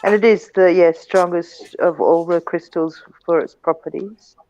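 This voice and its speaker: A woman joins an online chat as a guest, speaking hesitantly with many pauses and fillers. Her voice comes through dull, lo-fi call audio. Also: on the low side, steady tone, a little mellow. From Australia. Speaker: panel guest.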